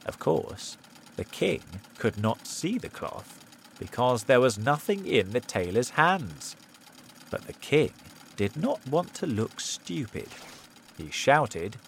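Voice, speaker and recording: A man reading a simple story aloud in a slow, clear storytelling manner. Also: medium pitch, sing-song. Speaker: narrator. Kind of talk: scripted story narration.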